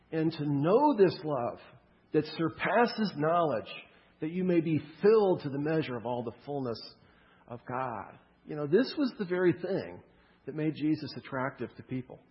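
A man's voice: on the high side, lively intonation, measured pace. A man preaching a sermon, in a loose, conversational way with humorous storytelling. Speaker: pastor. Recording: muffled with long hall reverb.

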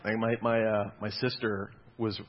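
A man's voice: on the low side, level tone, moderate pace, a little hiss or hum. A young man giving a casual, conversational sermon, mixing scripture reading with self-deprecating personal stories and frequent laughter. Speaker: preacher. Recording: dull lo-fi recording.

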